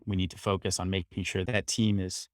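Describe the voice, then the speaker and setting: A man speaking as a guest CTO in a panel discussion, measured and reflective. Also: low voice, little pitch movement, no room sound, clean studio sound.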